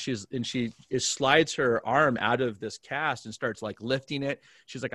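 A man who is a pastor, telling a story in a remote conversation and acting out the dialogue with big swings in pitch and loudness. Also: a little slow, few pauses, no echo, clean studio sound. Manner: animated storyteller, acts out dialogue with big jumps in pitch and volume. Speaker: pastor, guest.

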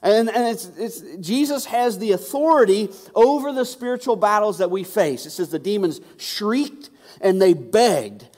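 A male pastor preaches conversationally, often repeating words for emphasis, in a high-sitting, darkish voice with lively intonation at a measured pace. Long hall reverb colors the recording.

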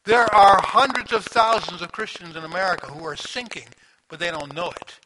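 A man preaching a sermon in a conversational, animated storytelling manner, asking the listeners questions. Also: sits high, moderate pace. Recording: audible background noise.

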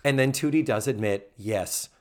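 Podcast co-host, male, animated and exasperated, with a lively pitch. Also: measured pace. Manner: animated, exasperated critique with frequent "yeah". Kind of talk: casual chat recapping a TV episode.

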